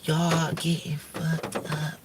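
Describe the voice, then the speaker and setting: A woman's voice: low voice, completely flat delivery, slow, far from the mic, very noisy. A woman from Michigan, hosting a livestream and declaring her spiritual visions in urgent, profane, repetitive bursts. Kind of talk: rambling prophetic livestream talk.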